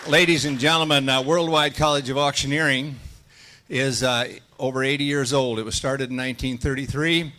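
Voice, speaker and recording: Folksy Midwestern man with a bright voice. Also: medium pitch, fairly even intonation, moderate pace, a faint crowd. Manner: loud drilled chanting of tongue twisters and number scales; folksy, with many fillers. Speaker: auction school president. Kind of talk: welcome speech at an event. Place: hotel event room.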